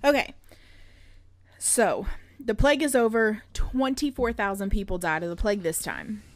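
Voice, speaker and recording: A woman co-hosting a podcast, her voice at an ordinary middle pitch. She retells stories in an animated, profane way and laughs often. The sound is dry and close, with no room echo. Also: moderate pace. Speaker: podcast co-host. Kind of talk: casual irreverent chat.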